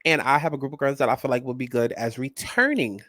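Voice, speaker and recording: A man hosting a casual commentary vlog, talking in a sassy, animated and blunt way and swearing freely. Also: medium pitch, fast, dry recording, clean studio sound. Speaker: host.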